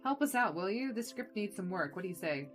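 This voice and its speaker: A woman plays a small, energetic, rude male film director in a video game, sounding brash, loud and condescending. Her pitch is medium and her pace brisk, with soft music behind her and only light acting.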